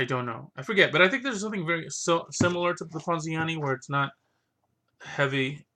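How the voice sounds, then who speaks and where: With a fairly high, sharp-toned voice, a man casually goes over his chess books for his vlog. He thinks out loud, wandering off track and restarting often, full of filler words.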